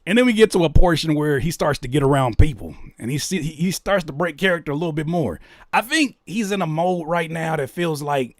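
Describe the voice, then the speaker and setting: A man hosting a reaction video, commenting in a casual, mocking way and getting loud when worked up. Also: a little high, fairly quick, no echo, clean studio sound. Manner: animated, mocking, exclaims loudly when worked up.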